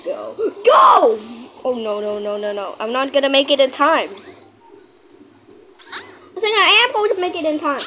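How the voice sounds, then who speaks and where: A woman giving live commentary over her own gameplay, excitable and panicky, repeating herself and shouting countdowns when the clock runs down. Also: high-pitched, slight background noise. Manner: repeats phrases rapidly under pressure. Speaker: gaming channel host.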